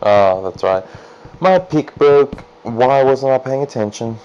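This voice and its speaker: A man casually commentating his own gameplay, chatty and self-deprecating, jumping into excited high yelps. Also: slow pace, clean tone, muffled recording. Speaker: let's play gamer.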